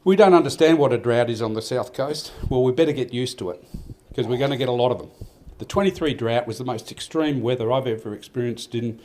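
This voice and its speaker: A man's voice: medium pitch, quick pace, hardly any pauses, darkish tone. An older Australian man giving a rambling, heartfelt speech at a farmers' awards night, with many restarts. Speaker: event organiser giving a speech. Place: event hall.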